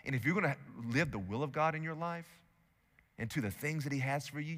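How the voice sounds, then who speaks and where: A male pastor preaching a sermon in a church sanctuary, emphatic, swinging between loud declarations and hushed asides. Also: medium pitch, animated, a little fast. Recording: long hall reverb.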